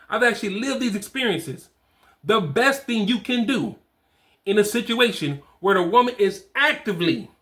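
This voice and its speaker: A man in his 40s, working as a fatherhood coach, talks bluntly to camera about being a dad, using casual slang and repeating himself to drive points home. His voice is high-pitched with a sharp tone.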